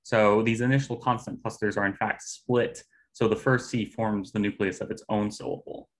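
Low-voiced man presenting linguistics research. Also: fairly even intonation. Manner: measured, uses fillers. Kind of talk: academic talk on phonology.

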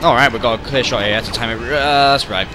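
A young man giving rambling, excitable gameplay commentary, often yelling in frustration. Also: mid-range voice, fairly quick. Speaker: let's play gamer. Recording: commentary over loud game music. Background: game music.

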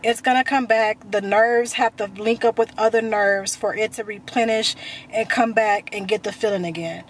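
A woman's voice: medium pitch, steady tone, normal speed, slight background noise. A young woman vlogging casually, chatty and repetitive, talking straight to her viewers. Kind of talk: casual chat to camera.

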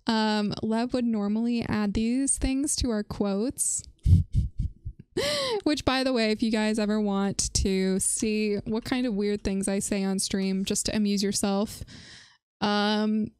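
A woman's voice: medium pitch, takes it slowly, darkish tone, smooth, no echo. A woman hosting a casual livestream chat, answering chat messages and laughing often as she talks. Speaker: livestream host.

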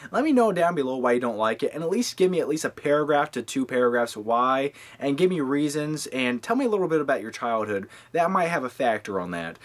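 A man in his twenties rambling and joking through a casual movie countdown vlog, with lively asides to his viewers. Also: medium pitch. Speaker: movie-review vlogger.

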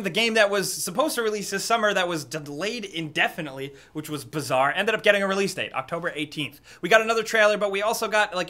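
A young man hosting a weekly gaming news roundup, talking in an energetic, chatty way and swearing casually. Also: sits high.

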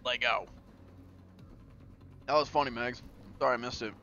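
A man streaming a game and commenting live, excitable and profane, playfully taunting enemies and talking to his chat. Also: medium pitch, normal speed, lo-fi sound, faint music behind.

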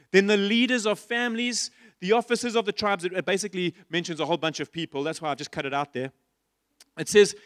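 A man preaching a sermon as pastor, passionately asking the congregation repeated questions and dropping to quiet asides. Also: no room sound, clean studio sound. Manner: shifts between loud emphasis and soft, low asides. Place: church stage.

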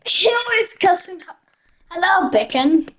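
A young woman giving chatty, giggly commentary while playing a video game, easily excited and laughing often. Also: extremely high pitch, unhurried, heavy background noise. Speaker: gamer. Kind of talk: casual gameplay commentary.

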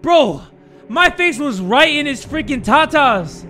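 A young man hosting a gaming channel, giving jokey, excitable horror gameplay commentary, swearing and yelling when startled. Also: very high voice, takes it slowly, slight background noise.

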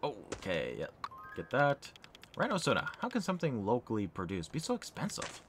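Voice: mid-range voice, wildly swooping pitch, moderate pace, noisy background. A gaming streamer giving playful, chatty commentary while playing a game and reading dialogue aloud. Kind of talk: let's play commentary.

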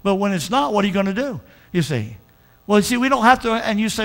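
A man's voice: sits high, expressive, a little fast, vocal fry, a bit bright. A man pastor preaching a folksy, emphatic sermon with lots of repetition.

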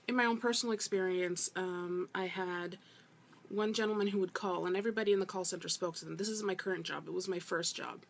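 A woman vlogger with a lowish voice and vocal fry rants quickly about customer service in a casual vlog. She sounds emphatic and exasperated, often repeating herself for emphasis.

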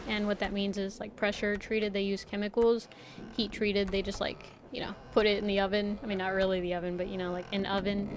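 A woman's voice: mid-range voice, flat delivery, fairly quick, noisy background. A woman streamer chatting casually while playing a game, rambling with lots of fillers. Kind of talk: casual chat while gaming.

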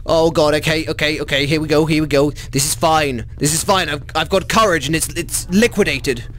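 A gaming YouTuber playing a VR horror game, chatty and swearing, who talks to the monsters in a mock bro voice and shrieks when scared. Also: male voice, a little high, moderate pace, a bit bright, a little hiss or hum. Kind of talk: comedic VR horror let's play.

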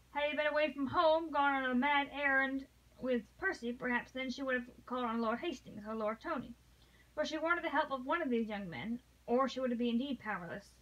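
A woman reading a classic novel aloud, pausing and restarting, growing dramatic at emotional passages. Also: high voice, a bit bright, highs cut off. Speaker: reader.

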